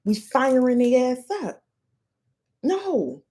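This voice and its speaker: A warm, high-pitched woman's voice with big pitch swings, speaking slowly. She's a podcast host from the United States, an American delivering a profane, heated solo rant with blunt emphasis.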